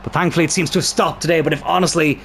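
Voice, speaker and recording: A young man commentating his own football video game match, excitable and swearing at the screen, with a strained throat. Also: on the high side, racing, slight background noise.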